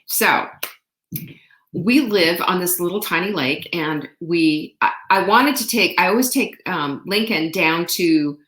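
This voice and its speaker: A woman hosting a casual motivational talk, telling a story in an animated way and acting out quotes. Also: fairly low pitch, a little slow, roomy sound. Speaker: host.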